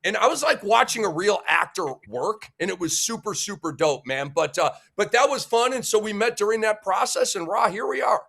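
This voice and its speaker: Excitable high-voiced male show host with a cold. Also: a little fast, creaky, few pauses. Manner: enthusiastic, jokey, with frequent fillers and restarts. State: head cold. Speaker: sports debate show host. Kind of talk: casual talk-show hosting.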